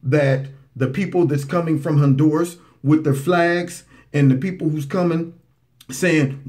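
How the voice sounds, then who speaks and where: A man hosting a political commentary show, talking back to played clips in a mocking, animated way. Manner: animated, mocking, swoops into high voices for impressions.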